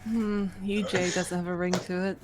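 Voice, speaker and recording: A woman's voice: lowish voice, level tone, moderate pace. A woman playing a tabletop game, describing her character's actions in a wry, matter-of-fact way. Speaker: player. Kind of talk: tabletop game narration and chat.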